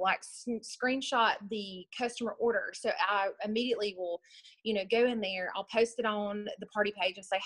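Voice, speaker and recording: A woman's voice: mid-range voice, a bit bright, no echo, poor audio. Chatty woman on a team call. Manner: chatty and upbeat, with many fillers and restarts. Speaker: nail product seller sharing tips on a team call. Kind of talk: casual unscripted talk on a group call. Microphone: video call.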